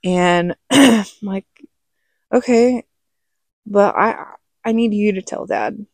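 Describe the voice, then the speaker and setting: A woman's voice: medium pitch, slow, a little mellow, no room sound. A middle-aged woman telling her life story to camera in a casual, frank way, often checking in with "okay?". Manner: chatty, frank, with many "okay?" asides.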